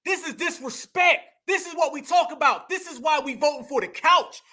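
High, bright-voiced heated male commentator. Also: moderate pace. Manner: mocking, heated, repeats phrases. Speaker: online political commentator. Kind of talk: reaction commentary.

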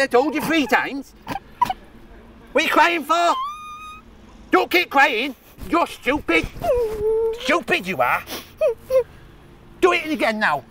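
A man's voice: heavy background noise, full character voice. A man acting a childish, bossy, hot-tempered grown-up brother in a comedy sketch, whining at his sister outdoors in a park. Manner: bossy, whiny, high childlike voice.

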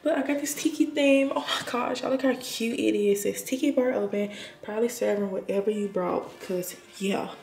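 In this casual home tour vlog, a nurse in her twenties walks through her apartment addressing viewers as y'all. Her mid-range voice is gravelly and a little mellow, moving at a moderate pace, and the echoey room carries a faint noise.

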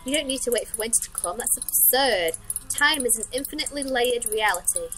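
A woman voicing a fussy, cryptic old male clockmaker who speaks slowly and deliberately. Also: fairly high pitch, expressive, sharp tone, faint music behind, rough recording.

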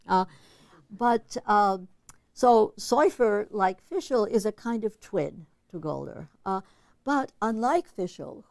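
Gravelly low-voiced woman lecturing. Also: dry recording. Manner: analytical, conversational, thinking aloud. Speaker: literature lecturer. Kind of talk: academic lecture.

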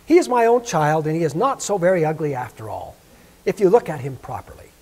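A man's voice: on the high side, big pitch swings, fairly quick, a little mellow. A man voicing a fussy, proud mother duck who scolds and frets in a raised voice. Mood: fussing.

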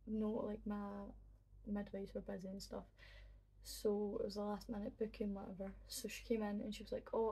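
Young woman, husky and gravelly, emotional personal storyteller with a halting delivery. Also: mid-range voice, dark tone. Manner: emotional, halting, many fillers and restarts. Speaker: vlogger.

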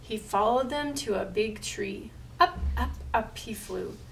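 A woman reads a picture book aloud for storytime, slow and expressive. Her voice is gravelly and pitched a little high. She sounds distant from the mic, with faint room noise behind her. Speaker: library storyteller.

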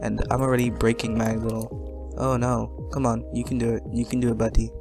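A man running a playful let's-play commentary, cracking jokes at his own expense and chatting straight to viewers. His pitch sits in an ordinary middle range for a man, and faint game music plays underneath. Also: completely flat delivery, brisk, creaky. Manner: joking, self-mocking, talks to viewers. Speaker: gaming commentator.

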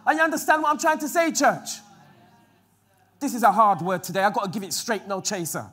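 Male preacher, high voice, acts out bible scenes, swings soft to loud, church hall. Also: brisk, husky. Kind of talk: sermon.

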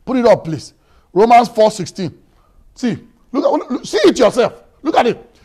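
Male pastor, high voice, energetic sermon delivery, stammers and repeats words. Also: moderate pace, husky. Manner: storytelling, swings from quiet to shouting, repeats words.

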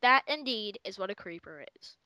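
A woman doing casual gaming commentary as a co-commentator, mock-lecturing and swearing freely in quick rants. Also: mid-range voice, lively intonation, pushed and bright, no room sound, rough recording.

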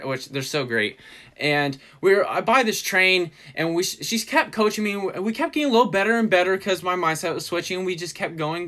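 A man casually telling a story in a livestream replay, animated and laughing often as he acts out what was said. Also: fairly high pitch.

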